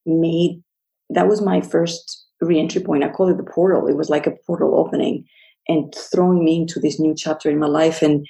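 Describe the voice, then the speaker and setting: A woman sharing a personal story as a guest, speaking earnestly with halting restarts. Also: on the low side, vocal fry, warm tone, low-quality recording.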